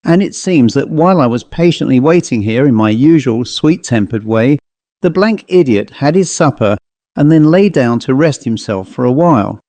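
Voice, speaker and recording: A man's voice: mid-range voice, lively intonation, moderate pace, mellow, dry recording, lightly acted. A man voicing a boastful, fanciful young male office clerk who talks in a sly, teasing way.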